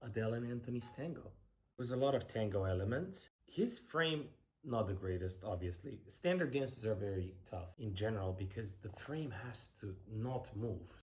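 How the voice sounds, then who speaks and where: A man's voice: on the low side, animated, moderate pace, a little mellow. A middle-aged man, a professional ballroom dancer, giving blunt, sarcastic casual commentary while reacting to a dance show.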